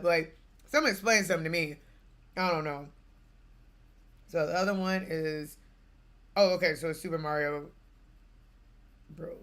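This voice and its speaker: A young woman streaming games, telling a family story in a casual, animated way with bursts of laughter. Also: on the low side. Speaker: gaming streamer.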